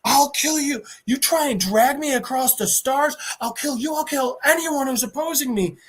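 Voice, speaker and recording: A man's voice: extremely high pitch, normal speed, voice pushed up. A man voicing a furious male titan warlord from a comic, screaming threats. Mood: enraged.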